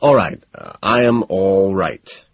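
A man's voice: deep voice, expressive, no echo, lo-fi sound, heavily acted. A man raising his voice for a frazzled, nervous young man. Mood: flustered. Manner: nervous, rushed, breathless.

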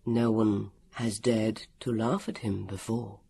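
A man voicing a polite, serious male android servant who speaks quietly, slowly and solemnly, half whispering. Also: medium pitch, fairly even intonation, husky. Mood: grave.

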